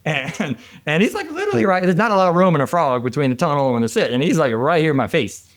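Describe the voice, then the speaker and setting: Lively storytelling man, dry sound. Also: fairly high pitch, quick pace, dry recording. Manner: animated, laughing, many restarts. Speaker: guest, former military helicopter pilot. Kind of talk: casual storytelling.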